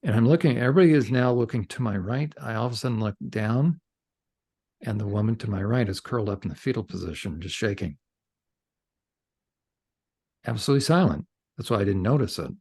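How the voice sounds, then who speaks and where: A middle-aged man, a counselor and podcast guest, telling a story in conversation, animated and gesturing with his hands as he talks. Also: lowish voice, fast, husky.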